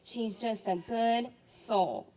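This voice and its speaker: A woman in her twenties, the maid of honor, giving a jokey, animated wedding toast full of laughs. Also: fairly high pitch, slow pace, rough recording. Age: 20s. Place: wedding reception.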